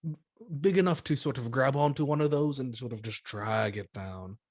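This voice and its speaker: A man's voice: medium pitch, normal speed. A man playing a tabletop game over an online call, chatting casually and laughing often. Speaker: player.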